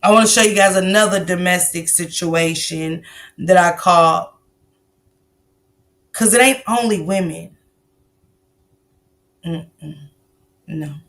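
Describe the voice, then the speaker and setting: This livestream host is a woman with a lowish, fairly bright voice who speaks slowly with long pauses. Giving casual commentary on a viral clip, she's blunt, preachy about the lesson, and swears freely.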